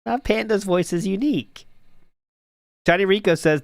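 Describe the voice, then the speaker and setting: A man with a slightly high voice hosts a casual stream and reads out viewer messages. He needles his co-host with dry sarcasm. His voice sounds close and dry, with no room echo. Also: normal speed, creaky, long pauses, fairly bright tone. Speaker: host reading chat. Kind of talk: casual chat.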